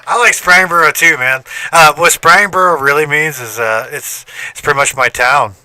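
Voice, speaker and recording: A man's voice: fairly high pitch, normal speed, bright, forceful tone, no room sound. A middle-aged man hosting a casual podcast, telling stories animatedly and swearing casually. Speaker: podcast host. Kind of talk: casual chat.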